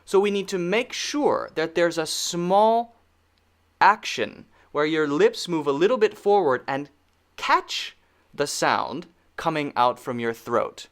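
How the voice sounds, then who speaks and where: A man's voice: a little high, lively intonation, takes it slowly, fairly bright tone. A man teaching pronunciation, speaking patiently and repeating sounds over and over to demonstrate them. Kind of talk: spoken lesson.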